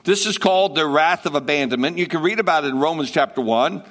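A man's voice: fairly high pitch, animated, quick pace, a bit bright, big-room sound. A male pastor preaching a sermon, emphatic, repeating phrases and asking rhetorical questions.

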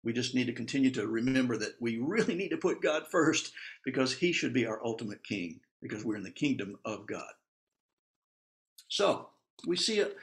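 Male Bible teacher, mid-range voice, conversational and animated, fond of asides. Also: medium pitch. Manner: chatty, with asides and laughs; animated, acts out quotes.

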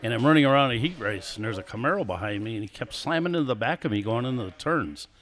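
An older man in his sixties, a guest on a live show, relaxed and chatty as he tells his stories. His voice sits in an ordinary middle pitch and breaks into small chuckles between stories. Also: fast talker. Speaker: guest, former stock car racer. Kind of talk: casual storytelling interview.

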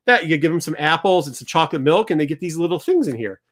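A man's voice: a little high, lively intonation, fast talker. A middle-aged man hosting a show, telling a story and acting out both sides of the exchange. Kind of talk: storytelling to a studio crew.

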